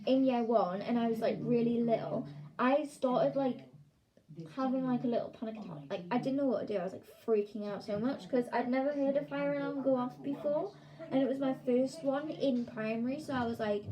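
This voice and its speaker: A woman's voice: a little high, a little fast, dark tone, rough recording. Chatty woman telling a story. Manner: chatty, lots of "like" fillers. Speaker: vlogger. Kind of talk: casual story time.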